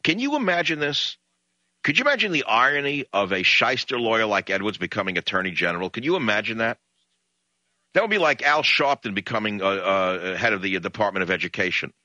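A man hosting a radio talk show, telling a story in an indignant, animated way. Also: lowish voice, fairly quick, dry recording, highs cut off.

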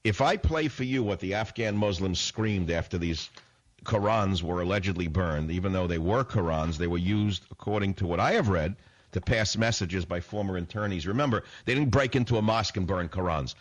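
A man's voice: sits low, a little fast, lo-fi sound. A man hosting a political talk radio show, delivering a combative, sarcastic monologue full of rhetorical questions into a studio microphone.

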